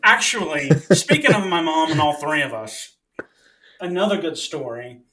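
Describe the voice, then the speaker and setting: A man's voice: a little high, normal speed, a crowd in the background. A young man co-hosting a podcast, telling jokey stories about his school days and poking fun at himself. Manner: animated storyteller, jokey, self-mocking. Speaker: podcast co-host. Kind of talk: casual chat, storytelling.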